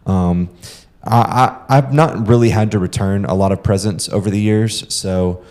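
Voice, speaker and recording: A man's voice: lowish voice, normal speed, mellow. A young man co-hosting a podcast, explaining practical tips to listeners in a casual way with frequent "um". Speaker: podcast co-host.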